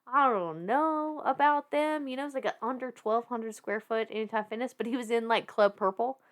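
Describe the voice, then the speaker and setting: As a guest on a podcast, a Southern-accented woman in her thirties recounts her story in lively, casual talk. Her voice runs on the high side at a moderate pace, and she laughs a lot and curses without restraint.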